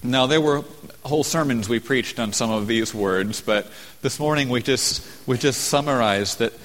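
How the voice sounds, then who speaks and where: Male pastor, mid-pitch, emphatic sermon delivery, reverberant sanctuary sound. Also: a bit bright. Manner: emphatic, slows down to stress key phrases. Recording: long hall reverb.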